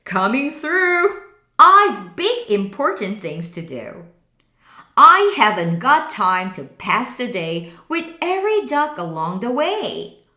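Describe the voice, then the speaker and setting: A woman voicing a brash male dump truck in a picture book, loud and bossy. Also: on the low side, very animated, takes it slowly, reverberant, voice pushed down, full character voice. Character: brash big male dump truck, boastful then grateful.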